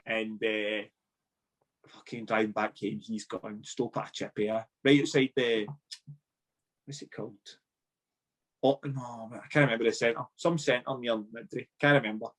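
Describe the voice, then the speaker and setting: A man's voice: mid-range voice, steady tone, unhurried. A man with a Scottish accent, a former footballer, casually telling stories as a podcast guest. He swears freely and laughs his way through the tale. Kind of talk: casual storytelling chat.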